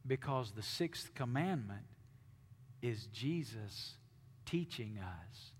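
Pastor guy preaching, goes quiet then builds up loud, big church echo. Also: medium pitch, animated, takes it slowly, slightly rough. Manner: dynamic preaching, drops to hushed tones then swells loud. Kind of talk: sermon. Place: church sanctuary.

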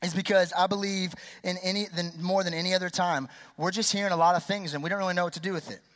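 A young man in his twenties with a high voice gives a lively sermon to teenagers. He talks fast and loose and keeps asking the crowd to answer back. The sound rings on in a large church hall. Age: 20s. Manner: energetic, chatty, quizzes and polls the crowd. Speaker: youth pastor. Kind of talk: youth sermon. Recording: long hall reverb.

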